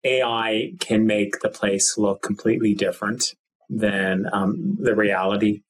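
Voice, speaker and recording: A man's voice: lowish voice, fairly even intonation, a little slow, husky, rough recording. A male college lecturer explaining a technical point in an interview, with frequent ums.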